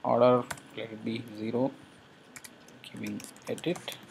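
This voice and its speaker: A man's voice: medium pitch, little pitch movement, a little slow, gravelly, slight background noise. A man explaining a coding tutorial as he works, thinking aloud with frequent hesitations. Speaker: programming instructor.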